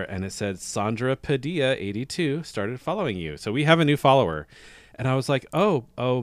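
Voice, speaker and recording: A man's voice: lowish voice, no echo. A man co-hosting a podcast in casual chat, laid-back and chuckling, trailing off into fillers. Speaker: podcast co-host.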